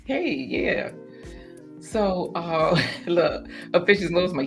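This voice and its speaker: A woman hosting a garden livestream in casual chat, animated and chatty, breaking into laughter often. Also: fairly low pitch, slow pace, faint music behind.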